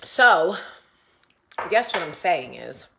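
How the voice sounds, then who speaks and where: A woman's voice: lowish voice, sing-song, slow pace, vocal fry, bright, forceful tone, roomy sound, a little hiss or hum. A woman, hosting a casual chat to camera in a rambling, blunt, swearing way in her kitchen. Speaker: vlogger, show host.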